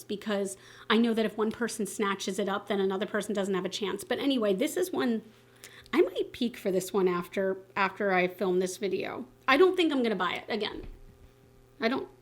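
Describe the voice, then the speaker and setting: A woman beauty vlogger chatting casually to camera, expressive and candid, with lots of fillers and self-corrections. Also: mid-range voice. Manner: enthusiastic and candid, swearing casually. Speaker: beauty YouTuber. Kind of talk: casual vlog chat to camera.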